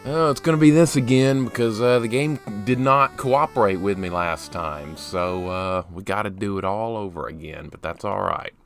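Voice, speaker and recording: Chatty low-voiced male game streamer. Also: moderate pace, few pauses, a bit bright, faint music behind. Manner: chatty, greets viewers by name, self-mocking. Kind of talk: casual live gameplay commentary.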